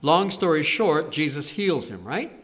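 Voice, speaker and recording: A man preaches in a loose, conversational way, walking his listeners through scripture stories. His voice sits somewhat high for a man. He lifts his voice and animates the quoted lines, then drops back to an easy explaining tone. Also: big pitch swings, a little slow. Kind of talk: sermon on scripture.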